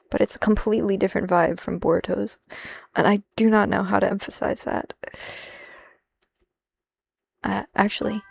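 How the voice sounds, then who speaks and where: A woman's voice: mid-range voice, gravelly, a little mellow. A woman live-streaming as she translates a manga, thinking aloud in a rambling, self-interrupting way and dropping in Japanese phrases.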